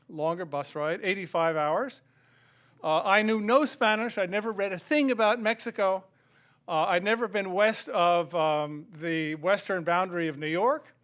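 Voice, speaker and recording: An older American man gives a public lecture to an audience. His voice sits high for a man, and he talks in a reflective, conversational way, pausing on fillers as he gathers his thoughts. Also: a bit bright. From United States. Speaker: guest lecturer. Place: lecture hall.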